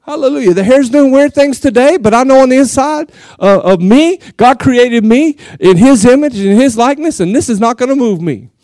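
A man with a West Texas accent, a pastor giving a lively, joking sermon and acting out quotes. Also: very high-pitched, normal speed, dry recording. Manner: animated, jokey, laughs often, acts out quotes.

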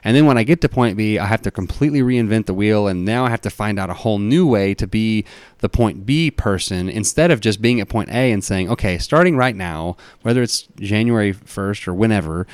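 A young man in casual podcast chat who jokes with his co-host and then muses at length, full of likes and sort-ofs. His voice sits a little low. The sound is dry, with no room echo. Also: a little mellow, clean tone. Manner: joking banter, then earnest musing with many fillers.

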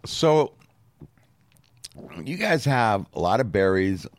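A man hosts a casual podcast, mostly giving short encouraging replies. His voice is low but moves a lot in pitch, and the sound is dry and close. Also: big pitch swings, slow, no room sound. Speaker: podcast host.

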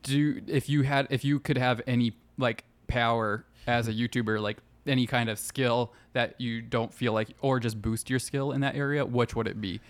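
A man's voice: medium pitch, steady tone, moderate pace, few pauses. A young man who makes short films talks in a casual chat. He speaks hesitantly, with plenty of ums and restarts. His questions come across as curious. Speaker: video editor and YouTuber.

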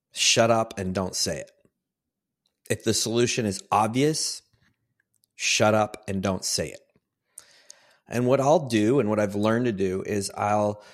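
A middle-aged man hosting a solo podcast, giving earnest conversational advice to other men. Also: lowish voice. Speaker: podcast host.

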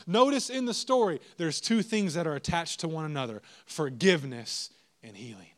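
Male pastor with a fairly high voice, preaching with emphasis and repetition. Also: expressive, normal speed. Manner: emphatic, repeats key phrases, asks the congregation questions. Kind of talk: sermon.

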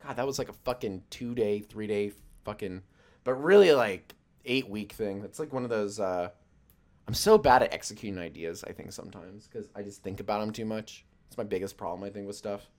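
A young man in a relaxed stream chat, his voice sitting a little low. He talks loosely and jokes around, swearing freely and drifting from one thought to the next with plenty of fillers. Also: brisk. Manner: profane, loose and joking, with many fillers. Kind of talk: casual rambling chat.

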